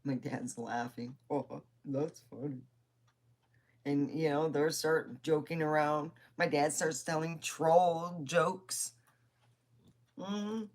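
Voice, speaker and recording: A woman's voice: sits low, takes it slowly. A woman vlogger telling personal stories in a rambling, chatty way, with swearing. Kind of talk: casual personal storytelling.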